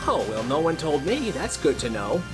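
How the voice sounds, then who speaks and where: A man's voice: a little high, sing-song, moderate pace, over music. A man voicing a cheerful, unbothered grandmother in her later years. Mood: breezy. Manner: breezy, unbothered.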